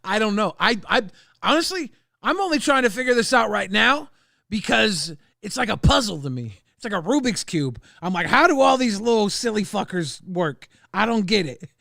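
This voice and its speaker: Gravelly high-voiced crude joking man. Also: very animated, moderate pace, no room sound, studio quality. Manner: bursts into loud ranting. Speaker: co-host of a commentary stream. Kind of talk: casual chat.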